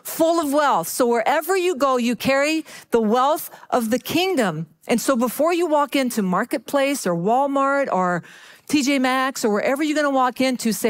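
A woman's voice: sits high, normal speed. Chatty woman pastor telling a story. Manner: chatty, animated storytelling with audience check-ins. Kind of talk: sermon storytelling.

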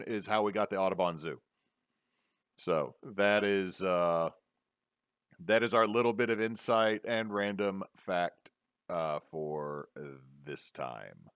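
A man hosting a casual podcast, rambling with many fillers and pauses. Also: fairly low pitch, fairly bright tone, smooth, no room sound, clean studio sound. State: hiccups. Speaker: podcast host.

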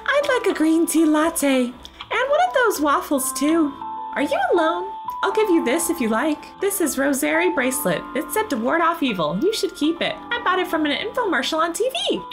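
A woman voicing a chatty, superstitious female customer in a video game, reading the lines in a high, sing-song way. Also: very animated, normal speed. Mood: earnest. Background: game music.

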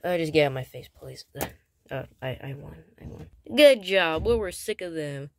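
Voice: expressive, normal speed, no echo. A speaker improvising a silly skit with toys, rambling with lots of fillers and restarts. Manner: switches to whispers and loud squeaky outbursts.

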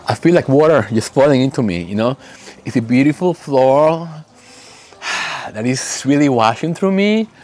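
A man making candles, talking in an emotional, heartfelt way and slowly reading out fragrance notes. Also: mid-range voice, expressive, darkish tone. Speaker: candle maker. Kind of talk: casual vlog talk.

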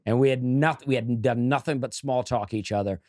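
A male comedian spins a casual story in an easygoing, unhurried way, dropping in a lot of agreeing yeahs. His voice sits at a middle pitch. The recording is close and dry, with no room sound. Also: darkish tone, no echo. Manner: laid-back storytelling, frequent yeahs. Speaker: comedian guest. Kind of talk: casual podcast chat.

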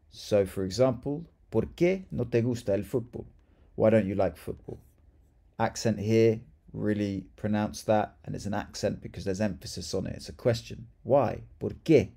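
Gravelly low-voiced man teaching Spanish. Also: dark tone. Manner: chatty, upbeat, explaining. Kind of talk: casual video lesson.

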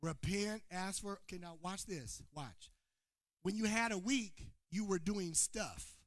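A man preaching a sermon to his congregation, calling on people by name and swinging between shouted points and quiet asides. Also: high voice, unhurried, no echo, clean studio sound. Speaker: pastor. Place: church sanctuary before a congregation.

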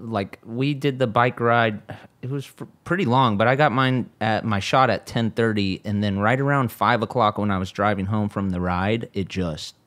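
A man's voice: lowish voice, moderate pace, a bit bright. Easygoing rambling male podcast co-host. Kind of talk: casual chat.

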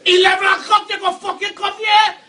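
Shouting high-voiced Trinidadian man, far off. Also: little pitch movement, brisk. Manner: shouting, profane, repeats orders over and over. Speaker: homeowner scolding workers. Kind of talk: heated real-life argument. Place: outdoors. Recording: voice far from the mic.

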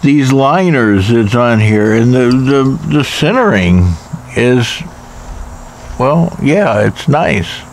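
A man's voice: medium pitch, animated, slow pace, slight background noise. A man casually reviewing a pocket knife in a rambling, wry way, with jokey asides.

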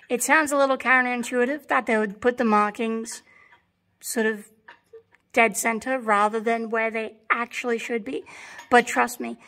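An Australian woman with a slightly hoarse, fairly high voice walks through a workshop tutorial. She explains patiently, step by step, and repeats the points that matter. She records on a phone held in one hand. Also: fairly bright tone. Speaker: tank restoration mechanic. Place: workshop beside a tank engine.

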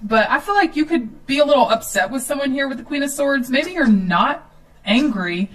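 A woman's voice: sits high, animated, moderate pace, recorded from a distance, poor audio. A woman giving a casual tarot reading at home, chatty, with filler ums and nervous laughs. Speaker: tarot reader.

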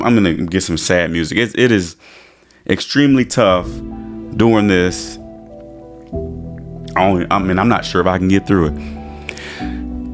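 A man's voice: low voice, unhurried, pauses often, soft background music. A man vlogging as a sports fan, talking emotionally with stammering restarts and dramatic retelling.

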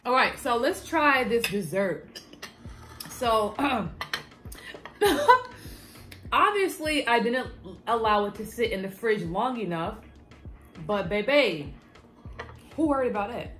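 A woman vlogging as she tastes her own cooking, animated and quick to laugh, with casual swearing and a Black way of talking. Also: a little high, faint music behind. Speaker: food vlogger. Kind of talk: casual cooking vlog chat.

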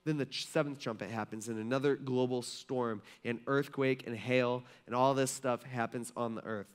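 A man preaching a sermon in a relaxed, rambling way, full of fillers and shifts between loud emphasis and quiet asides. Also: mid-range voice, normal speed. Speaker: pastor. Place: church sanctuary.

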